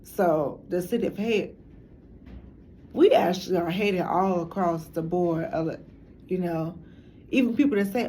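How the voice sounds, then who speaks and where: Gravelly, dark-toned woman from Chicago. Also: lowish voice, unhurried, a little hiss or hum. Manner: rambling, slangy, frank, laughs often. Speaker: documentary interviewee. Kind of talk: casual talk to camera.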